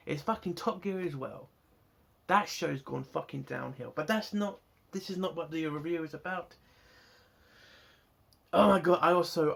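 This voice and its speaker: A man angrily rants through a review of a TV episode on his own, swearing heavily as he gets heated. His voice is a little high and creaky.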